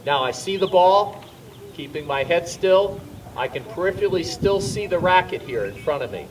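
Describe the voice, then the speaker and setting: A man's voice: sits high, animated, normal speed, recorded from a distance, slight background noise. A man teaching tennis on an outdoor court, explaining volleys while demonstrating shots and calling out coaching pointers. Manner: explaining while hitting balls, bursts of louder coaching. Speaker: tennis instructor.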